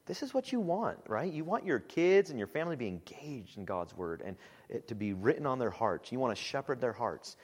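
A man speaking as a pastor, giving a relaxed, conversational church teaching talk with frequent "um"s. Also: mid-range voice, fairly quick, breathy edge, big-room sound. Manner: relaxed and conversational, with frequent "um"s and animated quoted asides.

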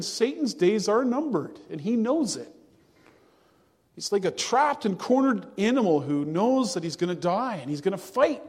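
A man delivers a sermon in a slow, measured way, leaning on key words. His voice sits high for a man. The church around him carries a long, ringing reverb. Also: a little mellow, breathy edge. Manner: earnest, measured preaching with slow, drawn-out emphasis. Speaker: pastor.

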